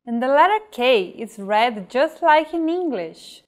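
A woman gives a scripted pronunciation lesson in an unhurried, deliberate way, with a voice that sits a little high. She says each example word on its own, slowly and clearly, as a teacher would. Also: lively intonation. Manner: careful, measured teaching delivery with modeled example words. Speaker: language teacher.

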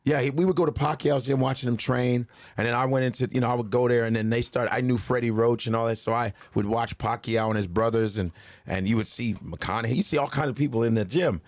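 A man's voice: mid-range voice, quick pace, no echo. A male comedian hosting a casual chat, telling stories and acting out other people's voices. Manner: animated storyteller acting out voices. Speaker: host, comedian.

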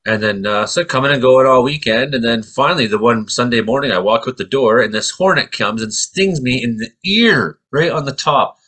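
A middle-aged man from Canada, co-hosting a casual chat and telling stories in an animated way with acted-out voices. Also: mid-range voice, normal speed, few pauses, husky. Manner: animated storyteller, acts out voices. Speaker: co-host.

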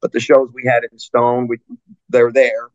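A man and metal singer chatting in an interview, telling stories with lively acted-out quotes and frequent laughs. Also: mid-range voice, normal speed, no room sound, dull audio. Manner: animated storyteller, acts out fans' voices, laughs often. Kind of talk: casual interview chat.

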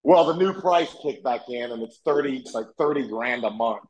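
A man's voice: mid-range voice, moderate pace, darkish tone, poor audio. A man in his forties with a Virginia accent, chatting as a guest on a video call in an easygoing, self-deprecating way. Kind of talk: casual chat on a video call.

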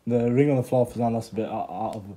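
A man's voice: medium pitch, fast talker, dark tone. A man hesitantly interjecting as an onlooking friend in an argument.

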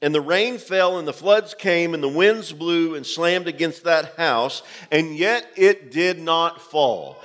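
A man's voice: on the high side, takes it slowly, hardly any pauses, fairly bright tone. A man preaching a sermon as pastor to his congregation, emphatic and direct, repeating key phrases. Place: church sanctuary. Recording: long hall reverb from a church.

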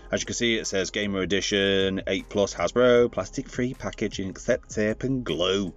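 A man's voice: lowish voice, normal speed, hardly any pauses, highs cut off, faint music behind. A man hosting his channel, chatting casually and digressing with jokes while reviewing a toy.

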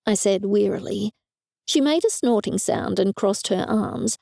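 A woman narrating a first-person audiobook in a wry, even storytelling manner on a close studio mic. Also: medium pitch, unhurried, gravelly, no room sound.

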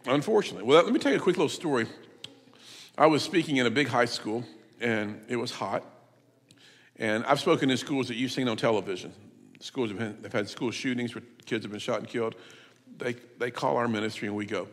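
Booming preacher man in a reverberant church. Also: a little fast. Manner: emphatic, rises to loud shouts. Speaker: visiting preacher. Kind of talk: sermon with storytelling. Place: church sanctuary.

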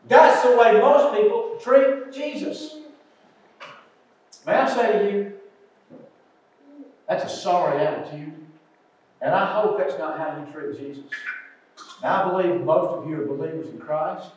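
An older man preaching an earnest sermon, moving between loud pleas and quiet asides. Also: a little high, expressive, unhurried, long pauses. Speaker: pastor. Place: church sanctuary. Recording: echoey church sanctuary, distant mic.

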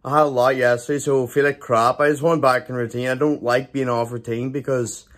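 A young man talking to camera in a casual vlog, excited and rambling, with lots of swearing and restarts. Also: mid-range voice, brisk. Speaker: bodybuilder vlogger.

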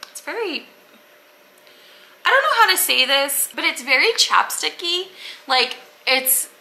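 A woman's voice: high voice, very animated, unhurried, creaky, sharp tone, rough recording. A young woman, a booktuber rambling casually to camera with lots of filler words. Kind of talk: casual unboxing chat to camera.

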